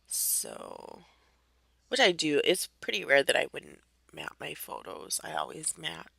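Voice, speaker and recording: Young female crafter narrating at home; a gravelly, allergy-worn voice, laid-back and rambling, recorded dry. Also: sits low, huge pitch swings, a little slow, bright, forceful tone, no room sound. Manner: rambling, many fillers, light laughs. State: voice a bit off from allergies. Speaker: crafter narrating her process video. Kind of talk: casual voice-over narration.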